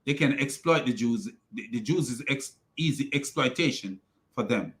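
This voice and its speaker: A man's voice: mid-range voice, lively intonation, normal speed, a bit bright. A man hosting a ranting video commentary, mocking and repeating himself, often breaking into laughter. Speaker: commentary channel host.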